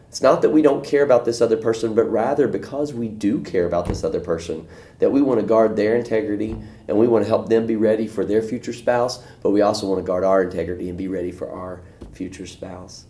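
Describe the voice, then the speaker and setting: A man teaching a church video lesson, telling folksy stories and acting out voices in a high, excited tone. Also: fast talker. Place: church room. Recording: echoey room.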